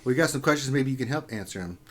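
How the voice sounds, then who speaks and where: A man's voice: medium pitch, fast. A man casually hosting a lunch-hour gaming livestream, reading viewer questions and bantering with guests. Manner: excitable, reads viewer questions. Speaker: livestream host.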